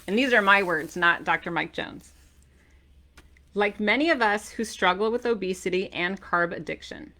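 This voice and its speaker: A middle-aged woman, an author and keto diet coach, gives an energetic talk to camera in a bright, forward, medium-pitched voice. She's playful and animated, breaking into loud, emphatic bursts to drive points home.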